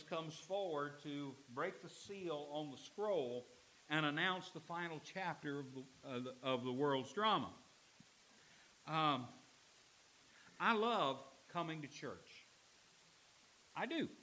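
Lively middle-aged man preaching a sermon. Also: a little hiss or hum, rough recording. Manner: animated preaching, swinging from loud and emphatic to low and quiet. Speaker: pastor.

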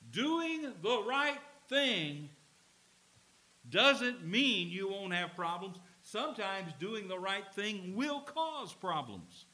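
A man preaching from the pulpit, his voice high, bright and ringing. He speaks slowly and deliberately, with big swings in pitch, and acts out the scenes he describes. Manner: expressive, emphatic, dramatizes scenes. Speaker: pastor. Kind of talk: sermon. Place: church with a slide screen.

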